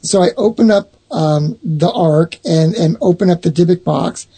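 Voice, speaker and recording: A middle-aged man telling a long personal story in casual talk, rambling and restarting his sentences, with a husky voice. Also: high voice, normal speed, dark tone. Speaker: owner of a haunted box, guest.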